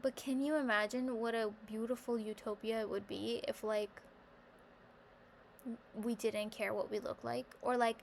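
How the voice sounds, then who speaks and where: A woman in a casual vlog monologue, a bit higher-voiced than most, rambling through her thoughts with a steady stream of "like." She turns lively whenever she acts out her own inner voice. A faint hum of room ambience sits behind her. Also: normal speed, creaky. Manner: rambling and self-reflective, heavy use of "like"; animated when quoting her own thoughts. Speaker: vlogger.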